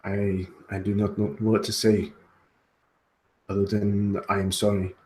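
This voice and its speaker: A man voicing a gentle male half-orc translator who speaks formally and apologetically. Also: on the low side, monotone, natural voice, low-quality recording. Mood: apologetic. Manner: measured and formal.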